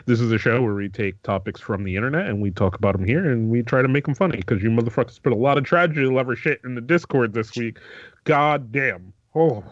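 A man's voice: mid-range voice, quick pace, no room sound, muffled recording. A man co-hosting a comedy podcast, stammering and restarting often as he tells an anecdote. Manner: hesitant, stammering, restarts often, laughs easily. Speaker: podcast co-host. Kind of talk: casual comedic chat.

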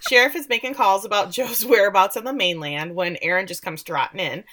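Podcast co-host: woman, casual recap voice, chatty and wry, mid pitch. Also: brisk, bright, forceful tone. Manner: chatty, sprinkled with "like", sarcastic asides. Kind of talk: casual chat.

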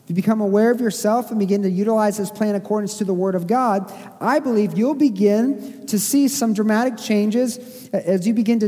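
Male pastor, high and soft-toned, casual sermon delivery with filler-heavy asides, recorded in a long-echo church hall. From Missouri. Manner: conversational preaching, self-deprecating asides, frequent fillers.

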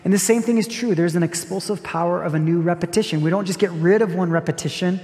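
A man preaching a sermon as a pastor, earnest and reflective, repeating key phrases with gentle emphasis. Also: high-pitched, fast. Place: church sanctuary. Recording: long hall reverb with soft music behind.

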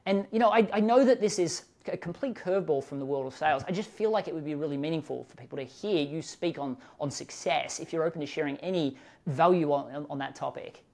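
A man hosting a podcast interview, telling stories in an animated, expressive way with sudden lifts in his voice. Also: gravelly. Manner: animated, expressive storytelling with quick rises in pitch. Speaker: podcast host. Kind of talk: conversational interview.

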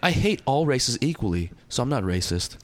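A young man co-hosting a loose comedy podcast, with a mid-pitched voice that rises and falls freely. He spins sarcastic stories and keeps dropping into impressions. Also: normal speed. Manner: animated storyteller, acts out quotes, sarcastic. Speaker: podcast co-host. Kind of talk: casual comedic chat.

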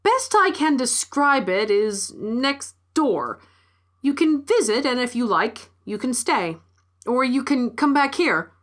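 A woman doing a calm, unhurried alien oryx with a raised, lively voice that coaxes and persuades. The tone sits a little higher than plain narration and carries some force. It sounds like a storybook creature reading. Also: heavily acted. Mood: coaxing.

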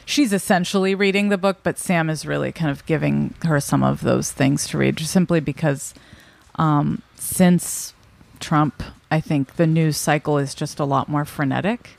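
A woman guest in a podcast interview who works as a radio producer, talking warmly and eagerly, often restarting her sentences. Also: low-pitched, steady tone, vocal fry. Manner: warm, enthusiastic, halting with restarts. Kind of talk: casual interview chat.

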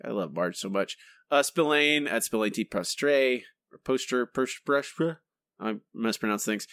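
A man's voice: a little slow, a bit bright, clear, resonant tone, no room sound. A man co-hosting a podcast in casual chat, reading listener answers aloud and stumbling over names and restarts. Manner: reads listener answers aloud, jumps into higher voices for the quotes. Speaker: podcast co-host.

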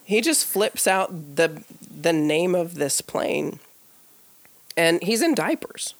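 A woman co-hosting a podcast, telling a story in a casual, animated way, full of "like" fillers and acted-out quoted dialogue. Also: on the low side, slow pace. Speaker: podcast co-host. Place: live podcast taping before an audience.

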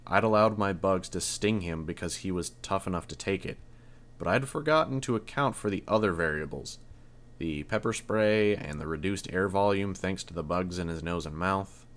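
A man narrating a first-person story in a tense, measured reading. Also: sits low, fairly bright tone. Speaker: audiobook narrator.

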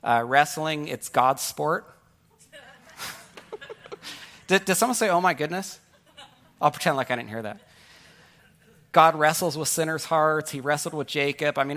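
A man's voice: fairly high pitch, fairly bright tone. A man preaching a sermon as pastor, talking in a conversational, joking way and telling stories to make his point.

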